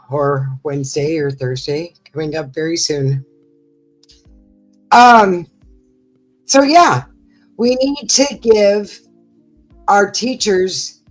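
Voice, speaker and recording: A woman's voice: sits low, low-quality recording. A middle-aged woman co-hosting a livestream, rambling through stories in casual chat with lots of fillers. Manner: chatty, rambling storytelling with many fillers. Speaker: livestream co-host.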